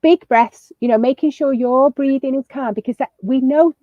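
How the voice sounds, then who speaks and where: A high-voiced woman, speaking at a moderate pace on a dry recording, gives friendly, upbeat parenting advice as a video call guest. She restarts often and uses lots of fillers, and the lo-fi sound is slightly muffled.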